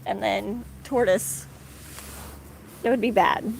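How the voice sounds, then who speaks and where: This tortoise owner, a woman in her thirties, rambles on a backyard live stream, full of laughter and filler words. She speaks slowly at a medium pitch with fairly even intonation and some vocal fry. A little hiss or hum runs through the audio.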